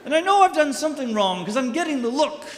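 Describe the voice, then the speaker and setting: A man's voice: extremely high pitch, big pitch swings, fast talker. A middle-aged man doing a stand-up comedy set, telling self-mocking stories with punchy delivery. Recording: echoey hall with long reverb, faint noise.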